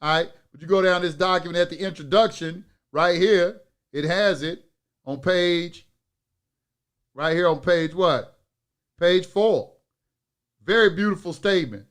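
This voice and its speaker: Man, high-pitched voice, profane preachy lecturer, loud rants then mutters. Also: a little slow, long pauses. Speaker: instructor of an online class. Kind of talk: live online lecture.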